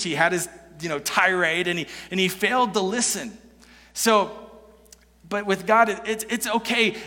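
A pastor preaching a sermon in an earnest, conversational way, swinging between loud emphasis and soft, low passages. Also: male voice. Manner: conversational, with many restarts and "you know". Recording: long hall reverb.

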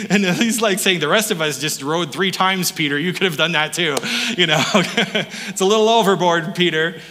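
Lively bright-voiced male pastor preaching. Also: fairly high pitch, long reverb tail. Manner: animated storytelling, acts out voices, laughs often. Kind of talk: sermon.

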